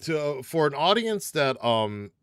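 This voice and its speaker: A man's voice: fairly high pitch, sing-song, takes it slowly, a bit bright, clear, resonant tone, no room sound, clean studio sound. A man from Japan chatting casually about a superhero film, rambling with lots of fillers and restarts. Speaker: livestream panelist. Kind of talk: casual movie spoiler chat.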